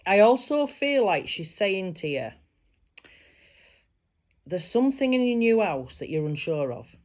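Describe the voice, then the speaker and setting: A woman giving a private psychic reading, steady and mid-pitched. She talks gently and reassuringly, passing on what she says the spirits tell her. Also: unhurried. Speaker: psychic medium.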